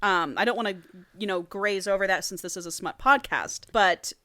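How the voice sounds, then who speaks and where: A woman co-hosting a podcast, recapping a horror romance and reading passages aloud with lively, profane storytelling. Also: mid-range voice, normal speed, no echo. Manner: animated storytelling, profane, acts out characters' lines. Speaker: podcast co-host.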